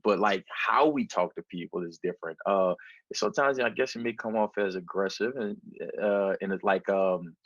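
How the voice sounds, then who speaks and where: A man's voice: on the low side, breathy edge, no room sound. Candid New Orleans man, slightly muffled. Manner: animated storyteller, candid and emphatic. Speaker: actor guest. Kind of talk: casual interview answers.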